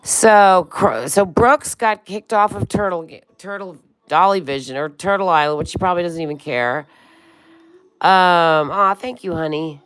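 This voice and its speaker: Lady in her 60s chatting on her livestream, calls everyone honey, swears a bit, slightly low voice. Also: normal speed, clear, resonant tone. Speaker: livestream host. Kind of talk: casual livestream chat reading comments.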